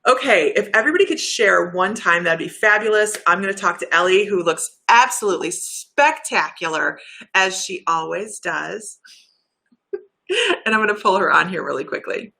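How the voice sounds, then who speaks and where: A woman hosting a livestream as a psychic healer, chatty and effusive, laughing often and talking in quick bursts. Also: medium pitch, animated, creaky, sharp tone. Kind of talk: casual livestream chat.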